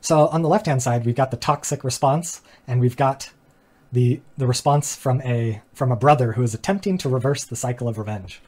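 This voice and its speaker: A man's voice: medium pitch, a little fast, a little mellow. A man hosting a philosophy channel, giving an earnest, reflective explanatory talk that builds rhetorical questions and walks through diagrams with casual asides. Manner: casual asides with fillers and small laughs.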